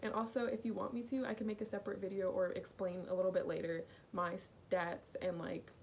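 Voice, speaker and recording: A woman's voice: medium pitch, flat delivery, fairly quick, vocal fry, a little mellow, slight background noise. Chatty young woman vlogging. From North Carolina, US. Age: young adult. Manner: chatty, lots of "like" fillers. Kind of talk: casual vlog reaction.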